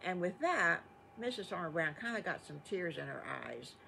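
A woman's voice: fairly low pitch, expressive, normal speed, gravelly, sharp tone, slight background noise. Folksy older woman telling stories. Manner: folksy, chatty, with asides to children. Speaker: storyteller. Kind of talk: improvised bedtime storytelling.

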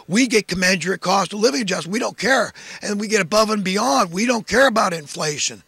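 A man's voice: high-pitched, animated, fast talker, creaky, hardly any pauses, bright, forceful tone, slightly rough, dry recording. A man delivering a preachy, impassioned monologue of social commentary, full of emphatic rhetorical questions. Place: in California.

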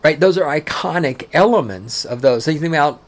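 A man's voice: on the high side, expressive, fairly quick. A man from Texas, hosting a solo podcast from home, ranting angrily and with plenty of swearing and sarcastic asides. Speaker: podcast host. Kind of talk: profane solo podcast rant.

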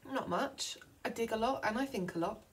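Woman doing a storybook wombat, male, little, meek, thoughtful, drawn-out answers. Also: fairly high pitch, lightly acted.

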